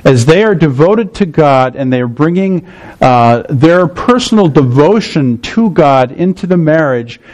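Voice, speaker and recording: A man's voice: fairly high pitch, expressive, unhurried, darkish tone, low-quality recording. A middle-aged male pastor preaching a morning sermon, explaining scripture step by step and often checking in with the congregation.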